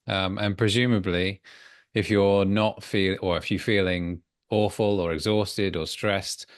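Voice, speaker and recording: A man's voice: sits low, steady tone, measured pace, no echo, studio quality. A man hosting a podcast interview, polite and appreciative, with some hesitant phrasing. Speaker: podcast host. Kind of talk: interview questions.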